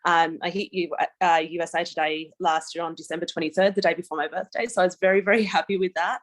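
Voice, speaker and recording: A woman's voice: lowish voice, steady tone, quick pace. An Australian woman giving a chatty webinar presentation over a video call, laughing easily. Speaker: guest speaker.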